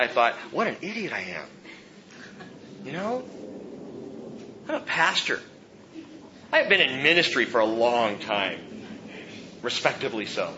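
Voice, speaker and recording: A man in his forties, a pastor preaching a sermon, who shifts from hushed, slow emphasis to loud, high-pitched exhortation. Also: highs cut off, slight background noise. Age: 40s.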